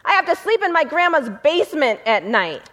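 A woman's voice: high-pitched, sing-song, a little fast, fairly bright tone, pitched above the performer's own voice. A woman retelling the pleading words of a distraught young man, a former felon. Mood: emotional.

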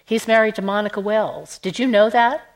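A woman voicing a restless, wry heroine who talks quickly in an audiobook. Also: medium pitch, voice pushed up, close to an everyday voice, poor audio. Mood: brisk.

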